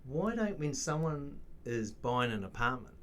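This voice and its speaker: A man's voice: medium pitch, measured pace. A man on a podcast, casually telling work stories and acting out both sides of the conversations. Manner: animated storyteller, acts out both sides of conversations. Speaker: podcast guest, facility manager.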